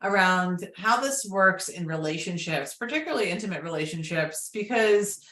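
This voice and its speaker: Woman podcast host, soft-spoken, lowish voice, filler-heavy chat, roomy echo. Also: expressive, normal speed. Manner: soft-spoken, leans on "you know" and "like". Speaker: podcast host and women's coach. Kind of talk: conversational podcast hosting. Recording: echoey room.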